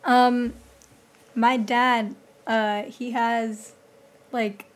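A young woman co-hosting a casual podcast chat, telling animated, goofy anecdotes, recorded in a small room with a slight echo. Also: fairly high pitch, extremely slow. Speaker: podcast co-host.

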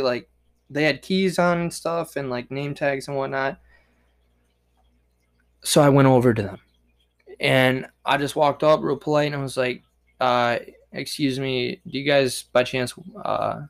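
Young guy ranting about his day, cussing a lot, kinda high voice. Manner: profane, irritated, animated retelling. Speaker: podcast host. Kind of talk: casual storytelling rant.

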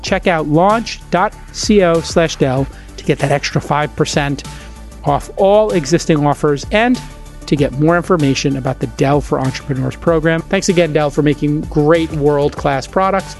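A man hosting a podcast, talking in an energetic, emphatic way with sudden jumps in pitch, reading an ad and chatting casually. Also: normal speed, faint music behind. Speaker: podcast host. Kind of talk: casual podcast chat and host-read ad.

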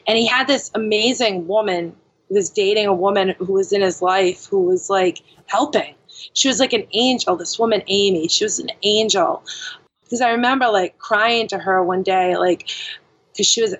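As a guest on a podcast, a woman candidly and frankly tells her own story, peppering her speech with "like" and "you know." Her voice is medium-pitched, and the recording sounds muffled.

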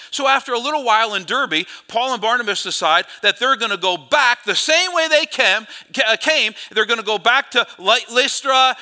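Lively, bright-voiced male pastor preaching. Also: very high voice. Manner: animated storytelling, self-correcting asides. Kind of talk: sermon.

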